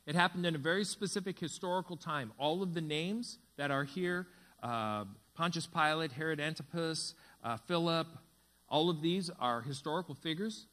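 A pastor delivers a sermon in a fairly high voice. He tells stories and acts out the quoted speech with rising energy. A faint mains hum sits under the recording. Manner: tells a story, reading dialogue with lively voices. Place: church sanctuary.

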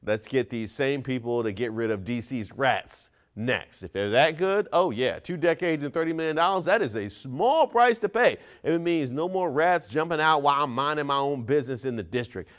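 A man from Prince George's County, Maryland, hosting a scripted comic monologue in a playful, animated way with mock-serious asides. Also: medium pitch, moderate pace, hardly any pauses. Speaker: comedy segment host.

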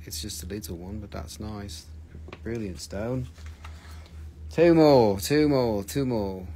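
A man hosting a live sale of stones, talking in halting, broken English with fillers while he names prices. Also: lowish voice, darkish tone, a little hiss or hum. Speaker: host of a live crystal sale. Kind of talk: live sales patter. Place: shop, indoors.

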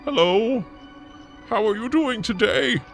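A man's voice: very high voice, takes it slowly, vocal fry, fairly bright tone, faint music behind, pitched above the performer's own voice, heavily acted. A man voicing a cocky, scrappy male skeleton archer who throws mocking, quarrelsome taunts. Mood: taunting.

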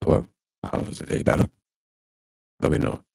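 A man's voice: normal speed, a little mellow, no echo. A man whose voice runs through a voice-changer filter while he tests his stream setup and asks if it sounds better. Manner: fiddling with his sound setup, asking if it works. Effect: voice-changer filter making the voice very deep.

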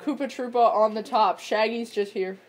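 A high-pitched teenage girl hosts a racing-game session in loose, casual chat. She gets excitable fast, bursting into shrieks whenever the race turns. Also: a crowd in the background. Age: teens. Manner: excitable, shrieking at wins and crashes. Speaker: gamer host. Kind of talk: casual gameplay commentary.

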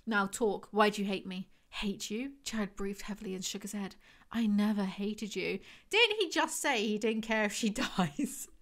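Hosting a book review vlog, a woman with a mid-range, fairly bright voice reads passages aloud. Between them she drops in wry, sarcastic comments.

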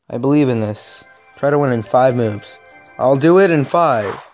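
A man's voice: medium pitch, lively intonation, normal speed, a little mellow, faint music behind. A young man giving casual, exasperated gameplay commentary, with sarcastic asides as he plays. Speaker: gaming video host.

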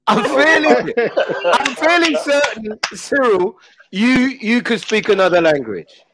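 A man hosting a casual show, joking and teasing his guests with quick restarts. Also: very high voice, animated, fairly bright tone, husky. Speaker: host. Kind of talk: casual chat on a live show.

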